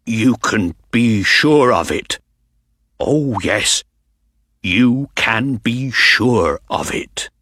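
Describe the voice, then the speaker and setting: A man voicing a gruff, defensive stable owner in an audiobook. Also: mid-range voice, expressive, very slow, pushed and bright, dry recording, clean studio sound, heavily acted. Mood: nervous. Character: gruff, hostile male stable owner, middle-aged. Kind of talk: audiobook character reading.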